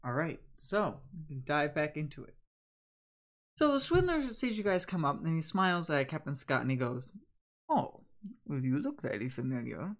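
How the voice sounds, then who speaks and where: A woman's voice: low-pitched, sing-song, normal speed. A young woman running a tabletop role-play as game master, chatty and full of fillers.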